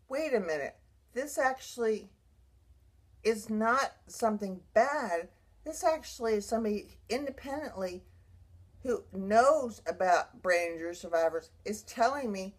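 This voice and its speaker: A woman who survived a brain injury, telling her own story in an emotional, rambling way, with many restarts. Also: medium pitch. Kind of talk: personal vlog monologue.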